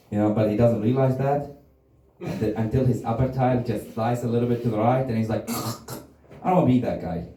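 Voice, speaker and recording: A man's voice: medium pitch, mellow. A man doing a crude, rambling stand-up comedy set and laughing at his own jokes. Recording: roomy, from a distance.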